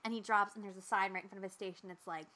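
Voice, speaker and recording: A woman's voice: medium pitch, steady tone, pushed and bright. A woman co-hosting a podcast, playful and teasing in casual chat about a film. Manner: playful, teasing, quick interjections. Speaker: podcast co-host.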